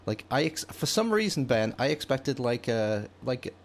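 A man's voice: medium pitch, sing-song, moderate pace, slight background noise. A man from England hosting a podcast, loose and laughing, swearing casually. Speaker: podcast host.

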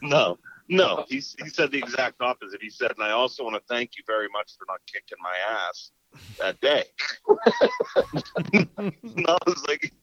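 A man's voice: mid-range voice, normal speed, long pauses, no echo, lo-fi sound. A man in casual talk, telling a story with energy and acting out both sides of a quarrel. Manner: animated, acts out both sides of the exchange.

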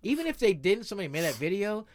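A man co-hosting a casual chat, telling profane, animated stories and breaking into squeaky imitations. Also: very fast. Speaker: podcast co-host.

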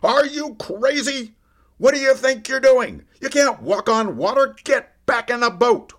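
A man voicing a panicky inner voice that screams out in a loud, shrill tone. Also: animated, measured pace, exaggerated voice. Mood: panicked.

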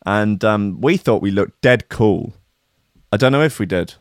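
A man's voice: fairly low pitch, unhurried, dry recording, studio quality. A young British man hosting a casual livestream as a DJ, rambling, sweary and self-mocking as he chats. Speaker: DJ and stream host.

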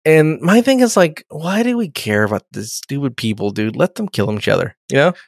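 A man's voice: medium pitch, big pitch swings, a little fast, vocal fry, no echo, clean studio sound. A young man in casual chat, swearing freely and acting out characters' lines as he retells a show. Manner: profane, laughing, acts out characters' lines. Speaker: podcast co-host. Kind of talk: casual chat recapping a TV episode.

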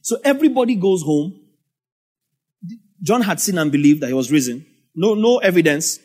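A man preaching a sermon, emphatic, repeating phrases with swinging pitch. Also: lively intonation, moderate pace, pauses often, darkish tone.

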